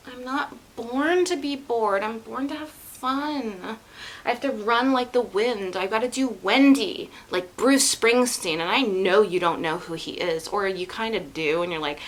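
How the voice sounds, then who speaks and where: A woman's voice: on the high side, unhurried, slight background noise, rough recording. A woman vlogging in a casual, giggly, rambling chat.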